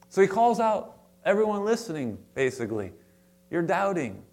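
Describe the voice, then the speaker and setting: A man preaching a sermon to his congregation in a conversational way, with restarts and asides, stressing words in sudden louder bursts. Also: a little high, big pitch swings, measured pace. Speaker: pastor. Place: church sanctuary before a congregation.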